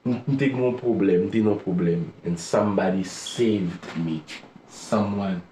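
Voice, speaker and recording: A man with a Haitian accent teaching English verbs, repeating each word slowly and explaining in Creole. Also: deep voice, mellow, a little hiss or hum. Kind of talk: slow language lesson with drilled repetition. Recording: echoey room with faint ambience.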